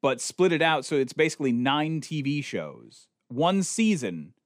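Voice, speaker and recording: A man co-hosting a podcast, ranting in animated casual chat. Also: on the high side, measured pace, no echo, clean studio sound. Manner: animated, ranting, mocks others in quoted voices. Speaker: podcast co-host.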